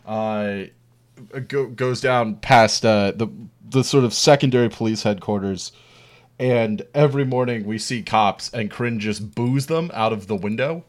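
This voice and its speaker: A man's voice: lowish voice, unhurried. A man talking as a guest in casual podcast chat, wry and sweary, trailing off mid-thought.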